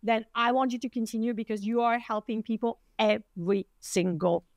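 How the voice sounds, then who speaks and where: A woman's voice: on the high side, normal speed, dry recording. A middle-aged woman with a French accent. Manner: animated, acts out quoted voices. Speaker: podcast host, acupuncturist. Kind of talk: casual interview chat.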